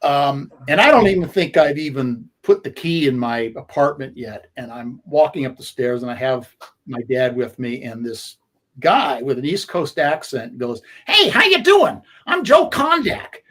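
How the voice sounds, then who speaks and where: A man in his sixties, a sports radio co-host, reminiscing at length in a halting way with many fillers. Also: mid-range voice. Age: 60s. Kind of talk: conversational storytelling.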